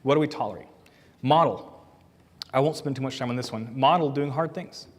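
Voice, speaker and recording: Earnest pastor preaching in a reverberant hall. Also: male voice, mid-range voice, fairly quick. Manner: earnest, plain-spoken teaching with rhetorical questions. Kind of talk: sermon. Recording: long reverb of a church hall.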